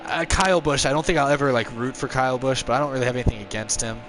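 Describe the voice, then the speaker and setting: A man's voice: medium pitch, rapid-fire, noisy background. A tired young man chatting casually with viewers while he streams a racing game on a headset mic. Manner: relaxed, rambling, answers viewer chat. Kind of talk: casual live-stream chat.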